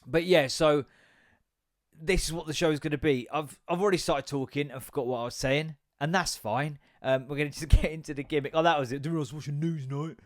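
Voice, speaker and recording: A young man hosting his own podcast, rambling and joking with lots of swearing and sudden loud bursts. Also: a little high, fairly quick. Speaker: podcast host. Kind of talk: casual solo podcast rant.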